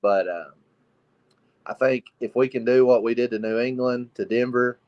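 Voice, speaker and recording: A man, calling into a show from a small bathroom at night, speaking quietly and easygoing. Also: mid-range voice, normal speed, no room sound. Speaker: caller. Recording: dull, lo-fi call audio.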